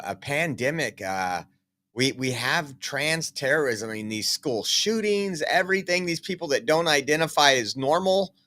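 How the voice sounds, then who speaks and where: A man's voice: medium pitch, fairly bright tone. A man giving casual political news commentary, reading out articles, emphatic and rambling with many fillers.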